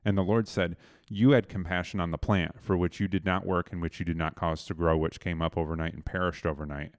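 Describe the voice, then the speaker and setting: Guy with a really low voice telling a bible story casual, lots of ums, dry close sound. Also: steady tone, brisk, dry recording. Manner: conversational, loose paraphrase with fillers and restarts. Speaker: podcast co-host retelling a Bible story.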